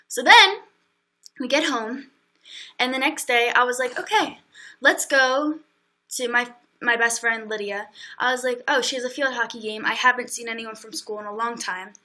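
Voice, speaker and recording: A woman's voice: fairly high pitch, pushed and bright. A young woman livestreaming, telling a long story in a chatty way, full of fillers and acted-out quotes. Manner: chatty, quick, acts out quotes, many fillers. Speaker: livestream host.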